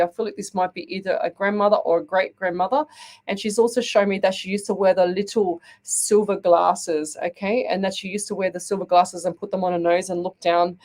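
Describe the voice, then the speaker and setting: A woman's voice: mid-range voice, darkish tone. Chatty Australian woman psychic host. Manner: chatty, reassuring, repeats "okay?" to listeners. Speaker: psychic medium radio host. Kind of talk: live call-in psychic reading.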